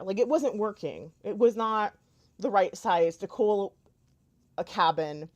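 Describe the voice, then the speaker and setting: Woman vlogging, lively swooping voice, chatty and rambling, lots of fillers. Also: medium pitch, unhurried. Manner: rambling, animated, many fillers and restarts. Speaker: YouTuber. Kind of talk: casual storytelling while doing makeup.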